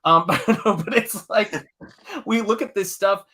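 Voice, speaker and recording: Enthusiastic middle-aged man, slightly high voice. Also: unhurried, pushed and bright. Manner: enthusiastic, rambling, talks to the chat. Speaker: artist hosting a live stream. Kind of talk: casual live-stream chat while painting.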